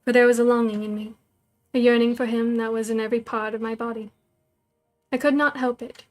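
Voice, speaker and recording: A woman storyteller reading a novel aloud, in measured, even first-person narration. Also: fairly high pitch, soft background music.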